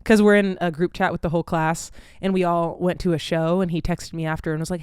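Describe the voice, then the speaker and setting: A woman's voice: fairly low pitch, level tone, quick pace, darkish tone, smooth, no echo, clean studio sound. Casual young woman ranting with swears. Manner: candid, swears freely, lots of "like". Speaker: vlogger. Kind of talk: casual storytelling chat.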